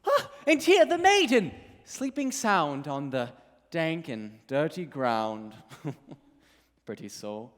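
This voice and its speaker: A man acting out an impish sprite who giggles through his verse in a swooping, theatrical stage voice. His pitch leaps around freely. A long hall reverb hangs behind it. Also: very animated, slow pace, a bit bright, exaggerated voice.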